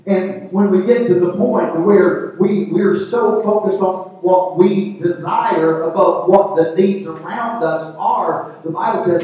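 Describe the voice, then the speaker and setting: Preaching pastor in an echoey hall. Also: male voice, sits high, slow pace, darkish tone, recorded from a distance. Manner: preaching with call-and-response to the congregation. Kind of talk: sermon. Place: church sanctuary. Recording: echoey hall, picked up from afar, dull sound.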